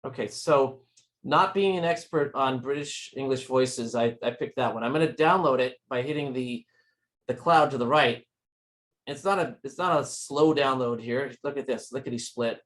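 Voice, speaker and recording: A man's voice: medium pitch, normal speed, a bit bright. A man giving a live tech demonstration at a user group meeting, explaining step by step in a friendly, informal way.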